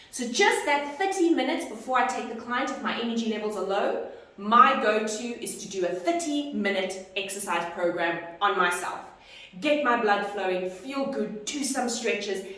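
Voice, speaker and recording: A female fitness instructor guides an online lesson, coaching expressively and acting out greetings to clients. Her slightly high voice sounds distant, since she sits some way from the microphone in a very echoey room.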